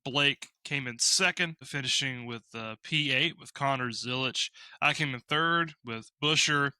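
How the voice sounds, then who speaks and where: Bright-voiced man giving bold picks. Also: mid-range voice, measured pace, clear, resonant tone, no room sound. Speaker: podcast co-host. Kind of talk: casual sports podcast chat.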